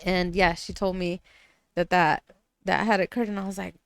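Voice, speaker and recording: A woman's voice: fairly low pitch, level tone, moderate pace, fairly bright tone, smooth, no room sound. A woman guest on a podcast, a chatty storyteller who laughs often and slips into Spanish phrases. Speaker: guest artist and business owner. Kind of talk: casual podcast interview.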